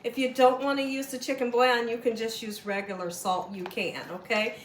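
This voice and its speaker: A woman's voice: fairly high pitch, little pitch movement, fairly quick, reverberant, slight background noise. A woman hosting a home cooking demonstration, chatty and coaxing, often checking in with "okay?" and "right?". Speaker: cooking show host. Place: home kitchen.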